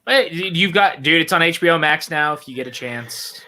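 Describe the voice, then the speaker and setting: A man's voice: fairly high pitch, animated, brisk, pushed and bright. A man hosting a casual movie watch-along chat, enthusiastic and teasing, with occasional swearing. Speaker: podcast host.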